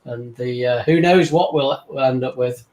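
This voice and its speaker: A man's voice: mid-range voice, moderate pace, a little mellow, echoey room. A man with an English accent, a guest in a casual online chat, laid-back and dryly amused, talking over a video call.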